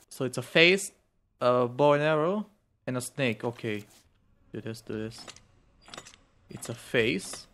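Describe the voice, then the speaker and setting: Excitable gamer guy narrating play, mutters then yelps and swears, faint noise behind. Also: medium pitch, a little slow, pauses often. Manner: mutters quietly when sneaking. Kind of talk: reactive gameplay commentary.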